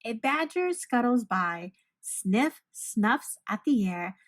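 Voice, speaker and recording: Reading a picture book to children, this teacher uses a slow pace and an expressive storytelling style. She's a woman with a fairly high voice.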